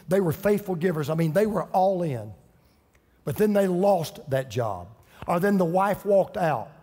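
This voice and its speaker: A man's voice: high-pitched, a little mellow, husky, in a large hall. A man preaching a sermon as pastor, impassioned, acting out quoted voices with drama, from a church sanctuary.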